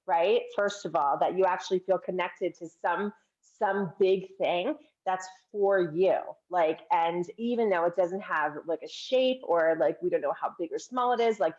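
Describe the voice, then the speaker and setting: A woman's voice: mid-range voice, highs cut off. A woman guest in an interview, talking casually and enthusiastically with many fillers. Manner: enthusiastic, casual, lots of "like" and "right?". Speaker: guest filmmaker and speaker.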